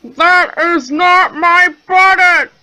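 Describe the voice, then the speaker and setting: Lady doing a cranky little toad guy, whiny, yells a lot, voice jumps all over. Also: mid-range voice, very animated, slow, voice pushed down, exaggerated voice, poor audio. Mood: upset shouting. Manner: grumbling, then wailing and shouting. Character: fussy male toad, easily upset.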